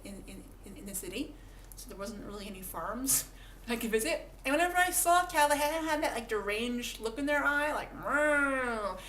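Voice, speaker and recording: A woman's voice: fairly high pitch, fairly bright tone. A woman vlogger talking casually to camera, chatty and self-mocking, often repeating words as she goes. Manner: chatty, self-mocking, acts out little voices for animals. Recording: echoey room, faint background noise.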